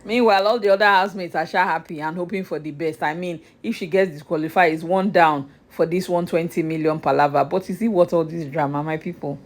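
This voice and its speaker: A woman's voice: fairly low pitch, steady tone, fairly quick, hardly any pauses. A young Nigerian woman vlogging a chatty, exasperated recap of a reality show straight to her viewers.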